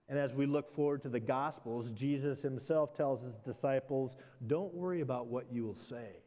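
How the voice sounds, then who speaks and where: Pastor preaching in an echoing hall. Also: male voice, mid-range voice, normal speed, hardly any pauses. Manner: conversational, animated retellings with self-deprecating asides. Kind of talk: sermon.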